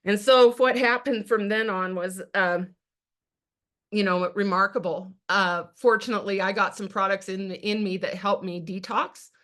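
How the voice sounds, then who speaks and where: A woman's voice: medium pitch, a bit bright. A middle-aged woman giving a personal testimony on a team video call. She speaks earnestly and plainly, and calls her listeners "you guys.". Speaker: direct sales team leader sharing her story.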